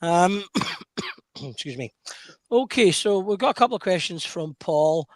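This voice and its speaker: A man with a fairly high voice hosts a podcast and puts listener questions to a guest. He speaks hesitantly, with plenty of ums. The recording is close and dry. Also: animated, measured pace, dry recording. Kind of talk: casual podcast chat.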